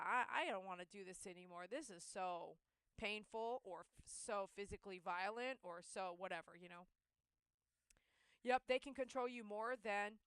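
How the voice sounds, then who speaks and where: A woman's voice: mid-range voice, fairly bright tone, clean tone, dry recording. A woman who runs a pet-grooming channel, talking in a casual, heartfelt monologue and telling stories by replaying her own inner voice.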